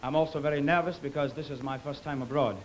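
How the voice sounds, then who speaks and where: A Scottish man, a singer and comedian, delivering quick self-mocking stage patter on a theater stage. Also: fairly high pitch, steady tone, noisy background. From Scotland. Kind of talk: stage patter between songs.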